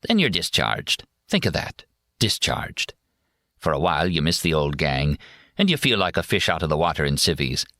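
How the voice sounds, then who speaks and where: A man's voice: extremely low pitch, sing-song, normal speed, sharp tone, no echo, studio quality, exaggerated voice. A man voicing a sardonic young male soldier who mockingly describes a hero's homecoming. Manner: sarcastic, mock-cheerful storytelling.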